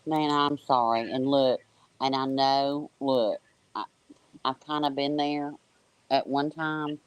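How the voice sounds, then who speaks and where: A man's voice: mid-range voice, fairly even intonation, takes it slowly, clear, resonant tone, dry recording. A man hosting a live-stream panel in a soothing, reassuring way, calling people honey and baby.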